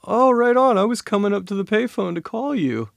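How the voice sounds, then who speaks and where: A man doing a breezy, excitable injured young guy. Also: fairly high pitch, brisk, vocal fry, dry recording, clean studio sound, pitched above the performer's own voice. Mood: brushing off. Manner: breezy and dismissive.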